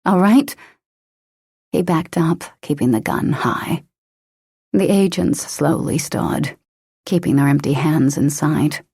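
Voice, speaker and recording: A woman narrating an action-romance audiobook in a steady, dramatic manner. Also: low-pitched, takes it slowly, creaky, slightly rough, no room sound, studio quality. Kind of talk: scripted narration.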